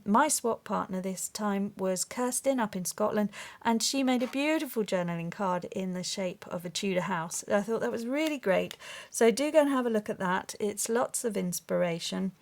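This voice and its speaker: A woman hosting a craft video, chatting casually and gushing with excitement as she opens a parcel. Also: medium pitch. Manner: gushing, excitable, with gasps and exclamations. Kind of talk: casual unboxing chat.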